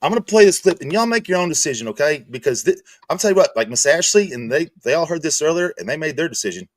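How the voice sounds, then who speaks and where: This is a man, in his thirties, ranting on a livestream. His voice sits a little high for a man, and he swears heavily, breaking off and restarting his sentences. The sound is dry and close to the mic. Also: animated, fast, no echo. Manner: angry, profane, repetitive restarts. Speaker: streamer host. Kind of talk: heated livestream rant.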